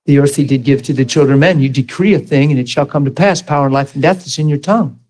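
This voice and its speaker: A man delivers a sermon, firing rapid questions at the congregation and then dropping into soft, low storytelling. He's animated, his voice climbing high and emphatic as he questions the crowd.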